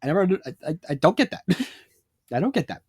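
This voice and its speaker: Rambling man with a slightly high voice. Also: very animated, fast, a little mellow, husky, dry recording, clean studio sound. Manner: rambling, filler-heavy, swearing, laughs a lot. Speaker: fanfiction reviewer. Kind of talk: casual spoken review.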